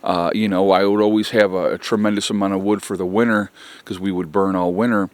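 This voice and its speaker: Low-voiced man rambling through advice. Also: little pitch movement, a little fast, no room sound. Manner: rambling, filler-heavy, conversational; earnest, repeats key points. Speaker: prepping vlogger. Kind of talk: casual advice vlog.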